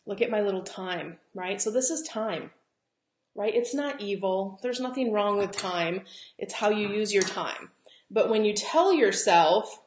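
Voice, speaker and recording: A woman's voice: mid-range voice, animated, slow pace. A Southern American woman coaching travel agents in a chatty, encouraging live talk, often laughing and acting out quotes. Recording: roomy echo.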